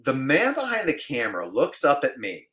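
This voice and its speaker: Lively, bright-voiced man telling a story. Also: medium pitch, normal speed. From New York. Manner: animated storyteller, acts out other people's voices. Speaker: actor, interview guest. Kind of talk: casual anecdote in an interview.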